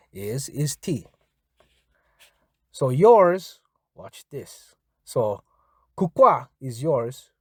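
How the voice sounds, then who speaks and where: Man, casual language teacher; animated pitch, dry close sound, repeats and spells words patiently. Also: breathy edge, no echo. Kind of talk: casual spoken language lesson.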